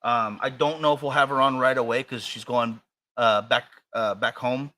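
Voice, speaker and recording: Bright-voiced rambling American man. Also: mid-range voice, fairly even intonation, moderate pace. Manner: rambling, hesitant, many fillers and restarts. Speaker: podcast co-host. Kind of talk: casual chat.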